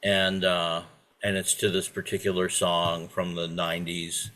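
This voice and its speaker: A man on a video call, talking at length in a halting way with many restarts. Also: low-pitched, little pitch movement, bright, forceful tone, a little hiss or hum. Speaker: participant. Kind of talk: casual video call chat.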